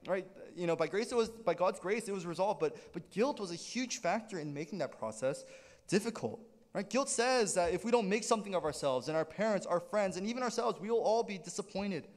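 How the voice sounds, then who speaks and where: A male pastor preaching with a high voice that swings widely in pitch, sounding lively and animated. He keeps checking in with the congregation as he goes. The sound carries a long hall reverb. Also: a little fast. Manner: animated preaching with frequent "right?" check-ins. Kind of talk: sermon. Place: church sanctuary.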